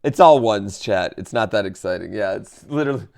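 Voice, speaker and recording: A man's voice: fairly low pitch, animated, fairly quick, creaky, a little mellow. A man streaming live, chatting casually and animatedly to his chat, swearing and going off on tangents.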